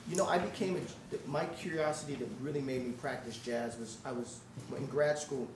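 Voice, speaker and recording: A man's voice: mid-range voice, moderate pace. A man, a guest musician, telling stories at a live audience Q&A in a music shop, scatting melodies and acting out what people said. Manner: animated storyteller who scats melodies and acts out quotes. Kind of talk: storytelling at a live Q&A. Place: indoor music shop event space. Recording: roomy, distant, noisy live room.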